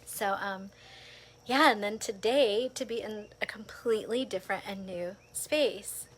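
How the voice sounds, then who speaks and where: A woman casually recounting a personal experience, lively and animated, often saying "like" and laughing between thoughts. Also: medium pitch, unhurried, breathy edge. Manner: animated storytelling with frequent laughs, filler "like". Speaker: vlogger.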